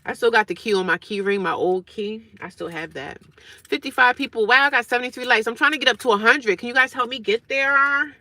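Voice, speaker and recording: A woman's voice: fairly high pitch, quick pace, bright, forceful tone, low-quality recording. A woman in her forties chatting casually on a live stream outdoors by her car, talking to viewers and answering their comments as she goes. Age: 40s. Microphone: phone on a tripod.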